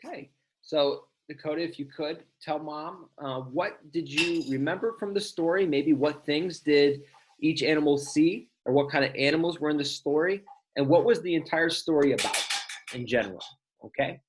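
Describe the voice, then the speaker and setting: A man's voice: a little high, moderate pace, slight background noise, low-quality recording. Man giving patient lesson instructions. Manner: patient and instructive, speaking to parent and child. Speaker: teacher. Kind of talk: recorded instructions for a remote lesson.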